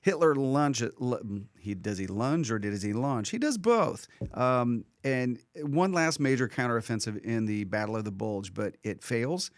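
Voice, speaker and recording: A man's voice: mid-range voice, expressive, unhurried, few pauses, no echo, clean studio sound. A man co-hosting a history lesson podcast, explaining in a casual way, with frequent "uh" fillers and the odd joking aside. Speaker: history teacher co-host.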